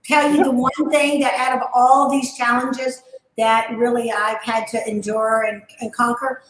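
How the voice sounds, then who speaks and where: A woman's voice: fairly high pitch, little pitch movement, a little slow, roomy sound, poor audio. A woman who founded a brand, speaking as a guest on a live online talk and giving upbeat, motivational advice.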